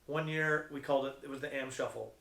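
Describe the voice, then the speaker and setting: A man's voice: mid-range voice, fairly even intonation, fast talker, vocal fry, fairly bright tone, roomy sound. A middle-aged man telling stories in a casual, profane, slangy way, as a skate contest judge. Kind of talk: casual storytelling.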